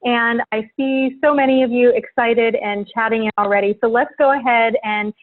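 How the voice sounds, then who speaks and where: A woman's voice: a little high, steady tone, moderate pace. A woman hosting a live online event, introducing her guest in a bubbly, enthusiastic way over a video call. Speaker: webinar host. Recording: tinny phone-like audio.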